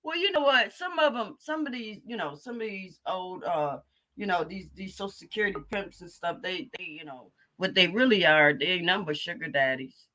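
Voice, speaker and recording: A woman's voice: fairly low pitch, normal speed, pushed and bright. A woman hosting a live stream, chatting casually and cracking crude jokes with frequent laughter. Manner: laughing, profane, joking commentary. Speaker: livestream host. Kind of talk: casual comedic chat.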